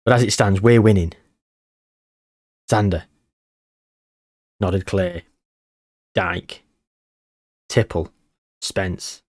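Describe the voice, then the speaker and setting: A man, tired, giving casual commentary on a football management game and muttering player names between bursts of excitement. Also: sits low, very slow, long pauses, no room sound, clean studio sound. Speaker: gaming channel host.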